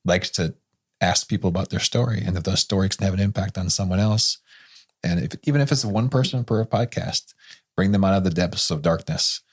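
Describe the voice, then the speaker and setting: A man with a very deep, husky voice co-hosts a casual podcast. He talks earnestly and restarts his sentences now and then. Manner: earnest, a bit halting. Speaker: podcast co-host. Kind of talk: casual conversation.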